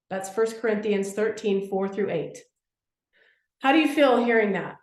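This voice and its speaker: A woman's voice: mid-range voice, expressive, moderate pace, roomy sound. A woman in her thirties or forties leading a live workshop, talking eagerly and emphatically to the group and repeating phrases for effect. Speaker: workshop speaker.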